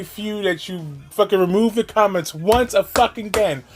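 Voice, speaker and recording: A man's voice: high voice, moderate pace, hardly any pauses, soft background music. A man hosting a reaction commentary, ranting in a profane, exasperated, mocking way. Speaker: commentary host.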